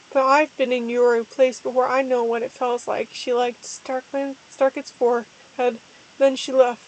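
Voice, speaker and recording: High-voiced woman giving a mock-earnest reading. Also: rough recording. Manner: deliberately stumbling, mock-earnest reading with slips and restarts. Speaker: dramatic reader. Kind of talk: parody dramatic reading of a fan story.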